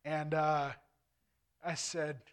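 A man in his forties preaches his own testimony as an evangelist at a church service. His voice sits a little higher than most men's. He tells the story earnestly, slipping into the voices of the people in it. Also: level tone, very slow, clear, resonant tone. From Indiana, USA. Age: 40s. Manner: earnest storytelling, acts out dialogue.

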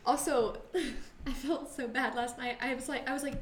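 A young woman in casual chat, rambling and self-deprecating in quick bursts. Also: sits high, expressive, a bit bright. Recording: echoey room with faint noise.

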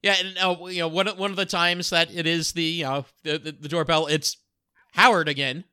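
A man's voice: on the high side, flat delivery, bright, forceful tone, clean tone, no echo, studio quality. A man in casual podcast chat about a TV episode, often stumbling and repeating words as he hunts for details. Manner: halting, repeats words while searching for details. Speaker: podcast co-host.

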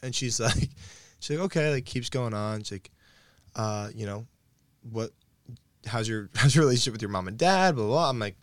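Young man, animated storyteller, dry close mic, lively pitch. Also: moderate pace, long pauses, dry recording. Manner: animated storyteller, acts out quoted dialogue, laughs often. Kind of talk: casual storytelling chat.

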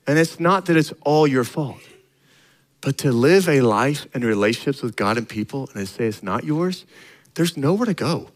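A man's voice: mid-range voice, lively intonation, moderate pace, low-quality recording. A middle-aged male pastor preaching a sermon in a conversational way, acting out little dialogues and rising to emphatic points.

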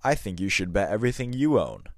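A shrewd young hill boy, voiced by a man reading a story aloud. He speaks in a low, calm, measured way, close to the narrator's own deep voice. The sound is dry and close. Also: no echo. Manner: calm, measured, quietly confident.

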